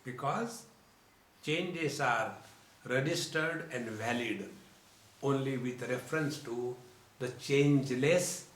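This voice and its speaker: A man giving a slow, deliberate spiritual discourse as a teacher, addressing his listeners as friends. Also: mid-range voice, fairly bright tone. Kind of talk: religious discourse. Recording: roomy lecture hall.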